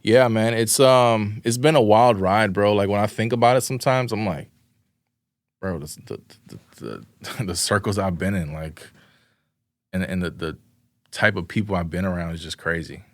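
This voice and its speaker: A young man with a somewhat low voice spins a loose, slangy story full of "like" and acted-out quotes. His sound is close and dry, with almost no room around it. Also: normal speed, no room sound. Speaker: podcast guest, videographer. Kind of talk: casual interview chat.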